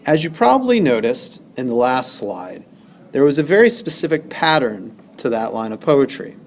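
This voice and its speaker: A man's voice: mid-range voice, very animated, moderate pace, slight background noise. A male teacher lecturing over slides, stressing syllables and counting them aloud.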